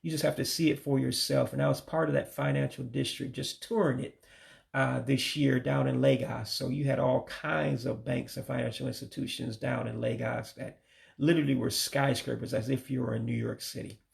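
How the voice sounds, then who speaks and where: A man teaching vocabulary from his studies, saying each word slowly and carefully and often correcting himself. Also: medium pitch, little pitch movement, gravelly. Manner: slow, careful word-by-word pronunciation with frequent self-corrections. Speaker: language learner teaching vocabulary. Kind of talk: informal vocabulary lesson.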